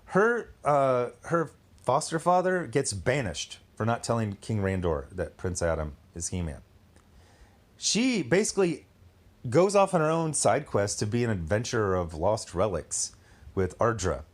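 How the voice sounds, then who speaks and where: A man's voice: mid-range voice, very animated, unhurried. A man giving blunt, sarcastic commentary on a show, acting out quoted lines in mocking voices. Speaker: video commentator. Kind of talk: opinionated commentary.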